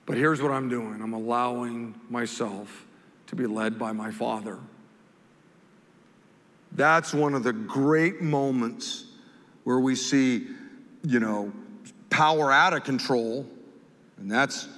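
A male pastor preaching a sermon, swinging from loud, emphatic scripture quotes to soft, slow reflection. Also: mid-range voice. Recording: long hall reverb.

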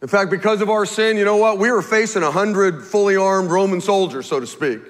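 A male pastor preaching a sermon in an animated, folksy way, with stammered restarts. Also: high-pitched, fairly quick. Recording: long hall reverb.

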